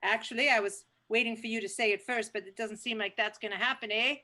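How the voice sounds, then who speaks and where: A woman's voice: on the high side, steady tone, fast, sharp tone. A woman playing a talkative, self-righteous Canadian woman in an improv scene, rambling on and tagging lines with "eh". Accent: Canadian put-on. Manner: rambling, indignant, ends lines with "eh". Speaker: improv performer.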